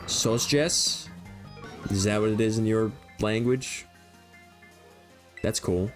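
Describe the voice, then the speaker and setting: A man's voice: on the low side, lively intonation, takes it slowly, pauses often, soft background music. A young man streaming a video game, rambling and joking in a casual running commentary and laughing easily.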